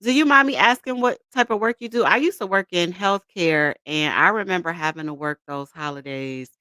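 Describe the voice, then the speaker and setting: A woman's voice: on the low side, brisk, bright, forceful tone, dry recording. A woman in her thirties hosting a casual livestream, greeting viewers by name and laughing often as she chats. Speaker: livestream host.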